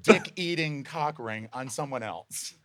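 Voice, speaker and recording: A man's voice: mid-range voice, measured pace, a bit bright. A man guesting on a live podcast show, telling crude stories in a laid-back way into a handheld mic. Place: live show at a poolside venue.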